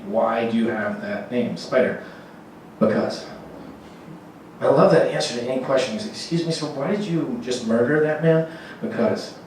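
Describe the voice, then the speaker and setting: 30s guy doing standup, kinda high voice, swears a lot, super echoey room, mic far off. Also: slight background noise. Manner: rambling, profane, acts out dialogue in raised voices. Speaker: stand-up comedian. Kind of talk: stand-up comedy set.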